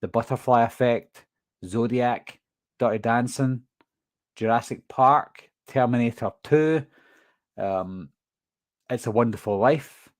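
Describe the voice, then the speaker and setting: Casting: Glasgow-accented man hosting a live stream, chatty, medium pitch, dry close sound. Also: slow, pauses often, dry recording. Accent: Glaswegian Scottish, toned down. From Scotland. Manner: chatty, reads viewer questions and answers them. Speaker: horror movie channel host. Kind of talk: casual live stream chat.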